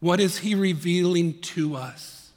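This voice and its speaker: High-voiced preacher in an echoing hall. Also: male voice, unhurried. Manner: earnest, swings from soft hushed tones to emphatic rises. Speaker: pastor. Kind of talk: sermon.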